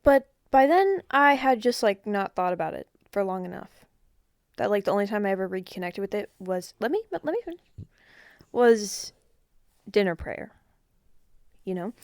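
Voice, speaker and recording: A woman's voice: medium pitch, normal speed, no echo, studio quality. A teenage girl chatting casually with her father, blunt and teasing, often drifting off topic. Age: teens. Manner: blunt, teasing, easily distracted. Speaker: guest, host's daughter. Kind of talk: casual chat.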